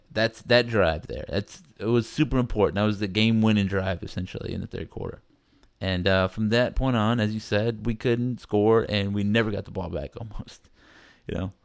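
Low-voiced man in casual sports talk. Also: no room sound, clean studio sound. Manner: rambling, animated, acts out quotes. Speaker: podcast host.

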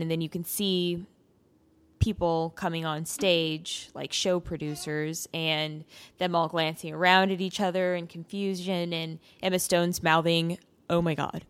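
Low-pitched woman recounting events. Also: clear, resonant tone. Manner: narrates events step by step, chatty. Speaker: podcast co-host. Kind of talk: casual chat.

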